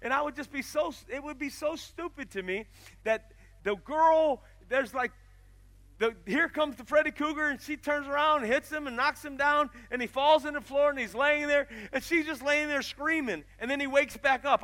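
A man preaching a sermon, telling stories and rising to loud, emphatic passages. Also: extremely high pitch, moderate pace. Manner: storytelling, swells loud and emphatic. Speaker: pastor.

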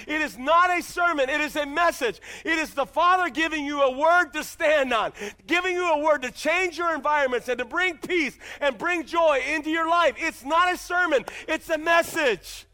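A man's voice: extremely high pitch, sharp tone. A man pastor preaching a sermon in a church, emphatic and full of repeated rhetorical questions.

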